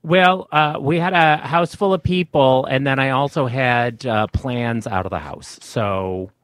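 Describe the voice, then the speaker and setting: A man's voice: mid-range voice, a little slow, fairly bright tone, smooth, dry recording. A man co-hosting a radio show, dropping dry, sarcastic quips in casual chat.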